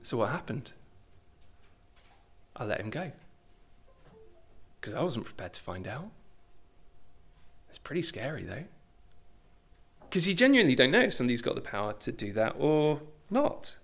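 A middle-aged man preaching a sermon, conversational and animated, with asides and self-deprecating humour. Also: mid-range voice, normal speed, long pauses. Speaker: pastor.

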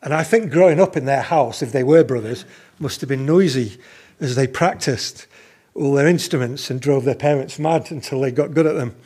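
A man preaching a sermon at a slow, measured pace, stressing his key questions. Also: a little high, a little mellow, slightly rough.

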